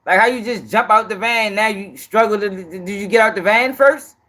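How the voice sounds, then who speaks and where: High-voiced man mocking a news story. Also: moderate pace. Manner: loud, laughing, profane and mocking. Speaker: commentary host. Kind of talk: reaction commentary on a news clip.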